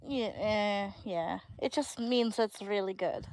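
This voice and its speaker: A woman's voice: mid-range voice, slow pace, a little mellow, low-quality recording. A woman playing in a tabletop game, chatting casually and jokingly, with some swearing. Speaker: player. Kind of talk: casual chat.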